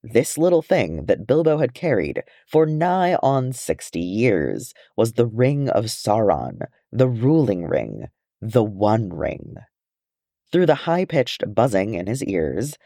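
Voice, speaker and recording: A man with a low voice reads a story aloud, his pitch rising and falling expressively. The sound is dry and close, with no room echo. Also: mellow. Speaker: audiobook reader. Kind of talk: fan fiction audiobook narration.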